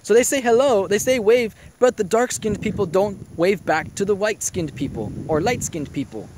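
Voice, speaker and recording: A man's voice: sits high, expressive, normal speed, hardly any pauses, noisy background. A man rambling through a casual vlog monologue, swearing freely and filling his talk with "you know" and "I'm like.". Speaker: vlogger.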